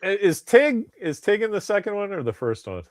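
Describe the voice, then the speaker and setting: A man co-hosting a podcast in casual chat, chatty and animated. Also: sits high, fairly quick, dry recording, studio quality. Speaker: podcast co-host.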